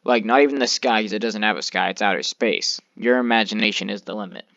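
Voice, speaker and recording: A man's voice: lowish voice, fast talker, vocal fry, fairly bright tone, no echo, muffled recording. A man giving casual gameplay commentary, rambling with lots of fillers and mild cursing into a desk microphone. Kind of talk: casual let's-play commentary.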